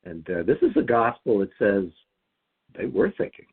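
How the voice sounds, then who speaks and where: A man's voice: fairly low pitch, huge pitch swings, moderate pace, husky. A man leading a lectionary podcast discussion, reflective and thinking aloud with frequent restarts. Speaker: discussion leader. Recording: tinny phone-like line.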